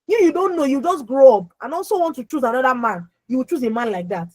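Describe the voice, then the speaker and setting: A young adult woman with a naturally loud voice, coaching an audience on a video call. She is emphatic, repeats words and keeps asking her listeners questions. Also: sits high, expressive, fast talker, dry recording, low-quality recording. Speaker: emotional healing coach. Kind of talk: lively motivational talk on an online call.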